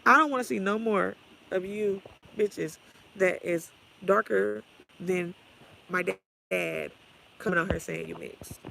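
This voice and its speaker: A woman's voice: mid-range voice, creaky, a bit bright, a little hiss or hum, low-quality recording. A woman ranting on her livestream, blunt, sassy and trash-talking. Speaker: vlogger. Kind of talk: profane ranting livestream talk.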